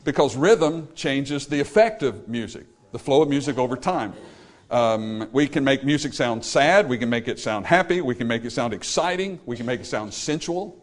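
Preaching on music, a medium-pitched man speaks animatedly at a moderate pace, talking straight to his congregation with emphasis. Occasionally he sings a brief phrase as an example.

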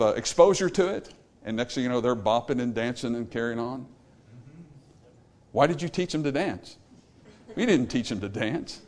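A man preaching a sermon, talking straight to his listeners with emphasis, and sometimes singing a short phrase as an example. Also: mid-range voice. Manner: emphatic, talks straight to the congregation. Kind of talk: sermon on music.

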